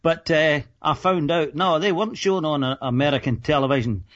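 An older Scottish man with a slightly high voice tells amused, self-deprecating stories on a talk-radio call. The sound is muffled and lo-fi, like a phone-in line. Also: fairly quick, fairly bright tone. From Scotland. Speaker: caller. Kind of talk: casual storytelling on a radio call-in.

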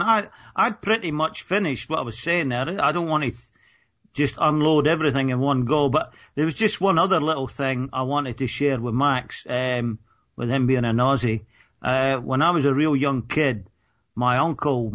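A man's voice: medium pitch, moderate pace, fairly bright tone, highs cut off. A Scottish man in his sixties calling in to a radio talk show, telling stories in an amused, self-deprecating way. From Scotland. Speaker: caller. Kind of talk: casual storytelling on a radio call-in.

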